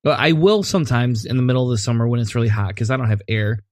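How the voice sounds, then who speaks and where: A man's voice: mid-range voice, fast talker, a little mellow, no echo, studio quality. Easygoing man chatting on a podcast. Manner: easygoing, chatty, drifting into asides. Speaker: podcast co-host. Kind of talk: casual chat.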